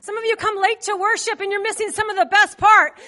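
Very high-voiced woman preaching. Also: little pitch movement, fast talker, sharp tone. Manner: conversational, asks the congregation questions; loose with fillers. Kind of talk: sermon.

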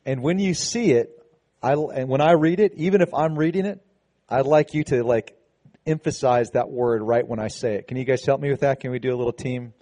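A pastor delivers a sermon in a conversational preaching style, his medium-pitched, mellow voice moving briskly. He restarts often and leans into emphatic passages.

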